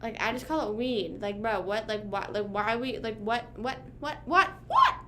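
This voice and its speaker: A woman's voice: on the high side, lively intonation, normal speed, sharp tone, a little hiss or hum. Slangy chatty young woman streamer. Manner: chatty, slangy, lots of "like" and "bruh". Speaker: livestreamer. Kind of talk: casual chat with viewers. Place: home room.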